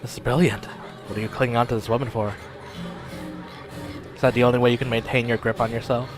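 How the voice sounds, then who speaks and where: A man voicing a cold, taunting inner voice that speaks slowly and chuckles. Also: medium pitch, level tone, over music, close to an everyday voice. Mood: mocking. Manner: smug, slow, chuckling.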